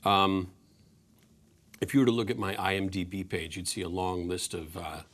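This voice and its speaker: A man's voice: low voice, steady tone, normal speed, a bit bright. A man in his forties, a guest actor in an interview, easygoing with many restarts. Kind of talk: interview talk.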